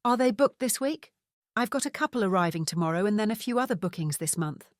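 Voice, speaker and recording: A woman's voice: medium pitch, lively intonation, fast talker, no echo, studio quality, natural voice. A woman voicing a practical, matter-of-fact campsite owner. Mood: plain.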